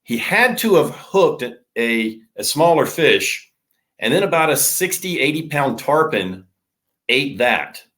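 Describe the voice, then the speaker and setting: A middle-aged man, a surf fishing charter captain, explaining gear in a relaxed, practical way with plenty of fillers. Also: fairly high pitch, slow. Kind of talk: casual podcast interview.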